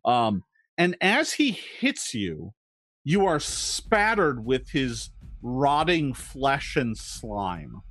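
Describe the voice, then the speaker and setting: Lively male game master, swooping voice. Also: medium pitch, drawn-out words, no echo, studio quality. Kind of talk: narrating a tabletop game.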